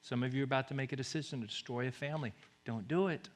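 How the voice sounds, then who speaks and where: A pastor preaches a rapid-fire sermon, booming through scripture before dropping to soft, hushed appeals. He often repeats words to press his points.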